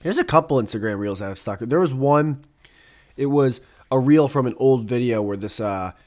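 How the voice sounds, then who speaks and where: A young man hosts his own podcast solo, rambling casually and profanely with constant detours into asides. His voice is medium-pitched and darkish, with lively intonation and a normal pace.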